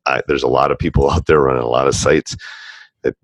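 A man's voice: very deep voice, fairly even intonation, fast talker. A man doing a sponsor read for a coaching podcast, speaking earnestly and with emphasis.

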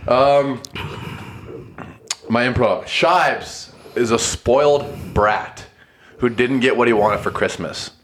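A man's voice: mid-range voice, takes it slowly, long pauses, slight background noise. A man co-hosting a comedy podcast, bantering casually and swearing a lot. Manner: profane, animated. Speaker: podcast co-host. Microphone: cheap podcast mics.

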